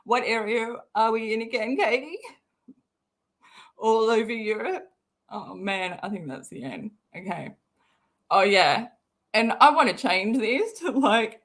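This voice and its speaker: A woman's voice: fairly high pitch, lively intonation, unhurried. A woman hosting a casual livestream, talking bluntly, swearing freely and laughing often. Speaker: livestream host.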